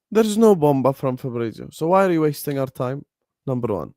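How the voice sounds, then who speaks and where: A young man hosting a football fan live stream, talking casually, animated and repetitive as he rants at his chat. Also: mid-range voice, brisk, no room sound, studio quality. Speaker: football fan show host.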